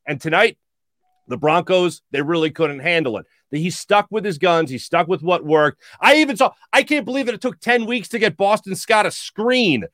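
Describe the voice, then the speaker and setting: High-voiced man talking football. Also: animated, normal speed, a bit bright, no echo, studio quality. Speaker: podcast host. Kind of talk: casual sports talk.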